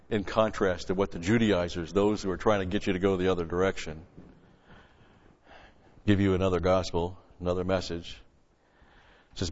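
A man teaching through Bible verses as a pastor, punching key words loudly and then dropping into quick, quieter asides. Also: sits low, little pitch movement. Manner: emphatic, swells loud on scripture then drops to asides. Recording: lo-fi recording with long hall reverb.

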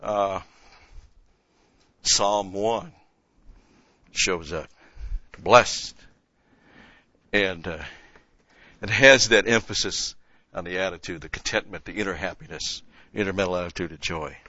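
Forceful low-voiced man teaching Scripture. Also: slow, pauses often, no room sound, muffled recording. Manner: emphatic, rises in pitch and volume on key points, rhetorical questions. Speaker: Bible teacher. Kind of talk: conversational Bible-study sermon.

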